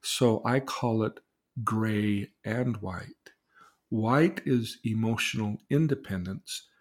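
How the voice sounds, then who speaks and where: A man, a therapist, telling a client's story in casual conversation and acting out the quoted lines. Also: slow pace. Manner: animated, acts out quoted dialogue with rising pitch. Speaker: therapist, podcast host.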